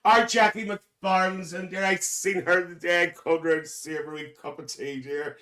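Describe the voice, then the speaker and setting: A man's voice: high-pitched, fairly even intonation, moderate pace, bright, forceful tone, recorded from a distance. A man playing a cheeky, gossipy older auntie, hosting a live stream and calling everyone dear. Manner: gossipy, calls everyone dear, laughs often. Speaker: livestream host. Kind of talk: live stream chat in character.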